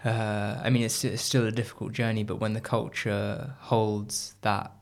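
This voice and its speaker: A podcast host with a mid-pitched, flat and even voice. The host listens closely, chimes in with small affirmations, and builds on the guest's points in a calm, steady way. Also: moderate pace, gravelly. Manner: flat, agreeable, backchannels often. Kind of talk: conversational interview.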